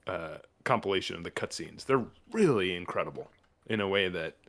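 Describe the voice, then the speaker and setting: A man's voice: low voice, animated, a little fast, a bit bright. A man from New Mexico hosting a podcast, talking in enthusiastic, rambling casual chat with many fillers and restarts. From New Mexico, USA. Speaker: podcast host.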